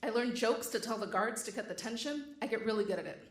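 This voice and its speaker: A woman's voice: on the high side, fast talker, roomy sound. A woman telling a true story on stage with a wry, comic delivery. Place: stage before a live audience.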